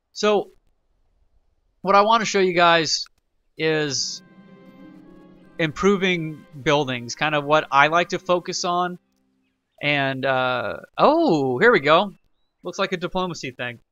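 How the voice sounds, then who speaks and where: A man hosts a relaxed gameplay tutorial, reading event text aloud and drifting into side remarks. His tone is bright and forceful, set slightly higher than most men's. The recording is dull and lo-fi. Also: no echo. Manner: chatty, rambling, reads game text aloud, self-correcting. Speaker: let's play host. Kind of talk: casual gameplay tutorial commentary.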